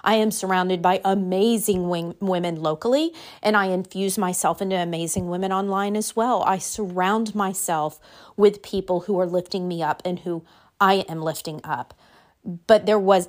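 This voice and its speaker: Woman life coach, motivational to-camera talk, emphatic and direct, mid-range voice, numbered takeaways. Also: mid-range voice. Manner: repeats phrases for emphasis.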